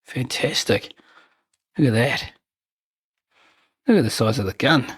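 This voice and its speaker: With a husky mid-range voice and lively intonation, a man at a moderate pace unboxes fresh miniatures for his wargaming channel. He's chatty and excited, wanders off on tangents and teases himself along the way.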